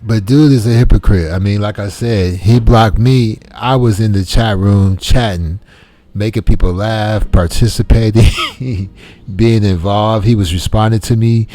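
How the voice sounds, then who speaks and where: Slow, deep-voiced man commenting casually. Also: warm tone. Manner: laid-back, conversational slang. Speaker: commentary channel host.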